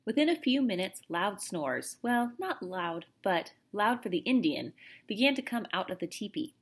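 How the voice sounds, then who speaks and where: A woman reading a children's novel aloud in an expressive, animated storytelling manner. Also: medium pitch, normal speed, husky. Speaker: audiobook reader.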